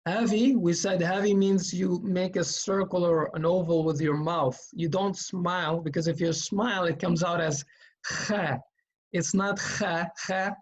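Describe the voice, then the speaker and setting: A man's voice: high voice, fairly even intonation, moderate pace. A man teaching Quran reading, explaining each sound patiently and repeating it, with frequent fillers. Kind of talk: slow explanatory lesson.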